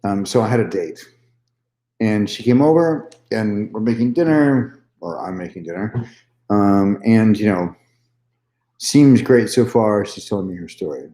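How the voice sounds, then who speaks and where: A man's voice: fairly low pitch, expressive, measured pace, dark tone. Man telling a story in an echoey room. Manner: candid, swears freely, repeats himself. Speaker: vlogger. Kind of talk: casual storytelling monologue.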